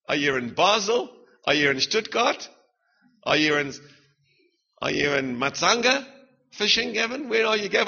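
A middle-aged man with a South African accent preaches in a lively, joking way, throwing question after question at his listeners. His voice sits high and bright with a husky edge. The recording sounds dull and lo-fi. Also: moderate pace. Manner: lively, punchy, humorous preaching with rhetorical questions. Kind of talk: sermon.

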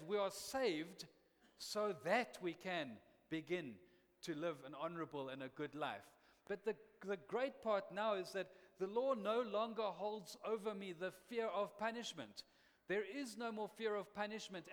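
Pastor preaching in an echoing hall. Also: male voice, fairly high pitch. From South Africa. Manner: emphatic preaching with joking asides. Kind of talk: sermon. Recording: long reverb of a hall.

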